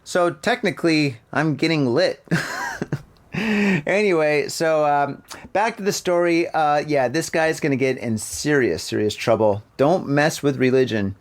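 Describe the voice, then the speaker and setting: A man hosting a podcast, reading news stories and riffing on them in an animated, profane, joking way. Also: fairly high pitch, measured pace. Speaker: podcast host. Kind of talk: casual news commentary.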